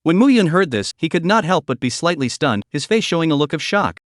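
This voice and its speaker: A computer-generated male voice, slightly high for a man, reads a story recap in a brisk, even, robotic style. The recording is dry and close, with no room echo.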